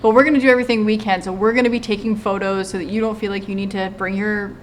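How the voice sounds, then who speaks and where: A chatty woman talks casually about a retreat she hosts. She is animated and mid-pitched, and slips into playful voices when she imitates others. A faint noise sits behind her voice. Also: very fast. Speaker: retreat host and channel co-host. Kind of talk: casual chat. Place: lives in Hawaii.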